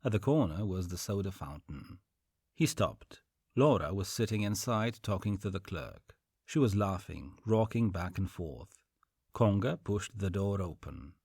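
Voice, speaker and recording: A man narrates an audiobook with a deep, husky voice. His reading moves up and down expressively, and the sound is close and dry. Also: expressive, measured pace, darkish tone, dry recording.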